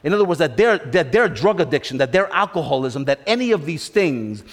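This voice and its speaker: Man preaching, high voice, swooping lively delivery, emphatic and repetitive, long hall echo. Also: brisk. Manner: emphatic, repeats phrases, asks the congregation questions. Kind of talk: sermon.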